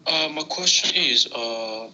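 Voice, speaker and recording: A man's voice: mid-range voice, expressive, slow pace, sharp tone, highs cut off. A man calling in as a student, giving short, hesitant answers and asking a question. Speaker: student caller. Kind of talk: phone-in question.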